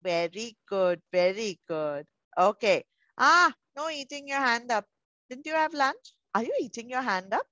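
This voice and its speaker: This is a woman with an Indian English accent leading an online class for small children. Her voice sits high and bright, close and dry. The sound comes through a muffled video call as she coaxes each child affectionately. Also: expressive, a little slow, dry recording. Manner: coaxing, affectionate, calls children darling. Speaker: pre-school teacher.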